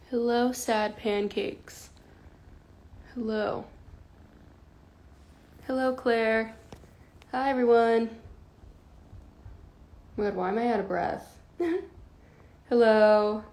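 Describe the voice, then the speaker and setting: A woman's voice: on the high side, fairly even intonation, drawn-out words, long pauses, darkish tone. A woman in her early twenties chatting casually on a phone livestream from home, giggly and greeting viewers by name. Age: early 20s. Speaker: livestream host. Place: at home with a kitten.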